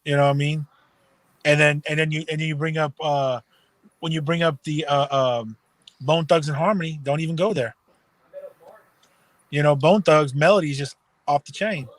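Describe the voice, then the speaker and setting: High-voiced Texan man telling stories. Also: normal speed, long pauses, no echo. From Texas. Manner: animated storyteller, full of fillers. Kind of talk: casual storytelling chat.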